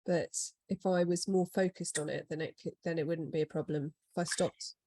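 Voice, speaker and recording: A woman's voice: deep voice, steady tone, a little fast, mellow. A woman co-hosting a podcast in casual conversation, rambling and making fun of herself. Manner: rambling, self-deprecating. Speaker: podcast co-host. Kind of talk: casual chat.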